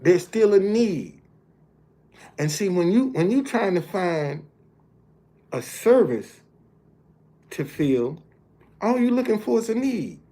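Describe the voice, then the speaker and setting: Man, 50s or older, motivational storyteller, slow delivery, warm mellow voice, repeats words while talking to listeners. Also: high voice, very animated. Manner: halting, repeats words often while building a point; plain-spoken, addresses listeners directly. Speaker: motivational speaker. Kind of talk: storytelling monologue.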